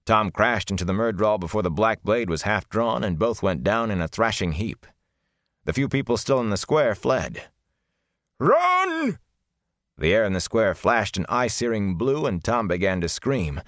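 A man narrating a fantasy novel in a measured, deliberate storytelling manner, recorded on a close mic. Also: fairly low pitch, a bit bright, dry recording. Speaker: audiobook narrator.

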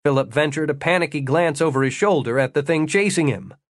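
A man narrating an audiobook in a steady, wry storytelling manner, slowing down for the descriptive passages. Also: fairly high pitch, no room sound, studio quality. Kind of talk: scripted narration.

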